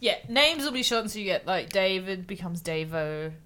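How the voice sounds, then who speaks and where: A woman's voice: mid-range voice, expressive, normal speed, crowd noise. A young woman from Australia with an Australian accent, chatting casually and laughing often as she explains everyday slang. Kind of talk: casual chat.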